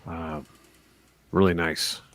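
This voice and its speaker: A man's voice: sits low, little pitch movement, slow, fairly bright tone, dry recording. A man hosting a live stream, teasing his guests and telling stories in casual chat. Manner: joking storyteller, teasing.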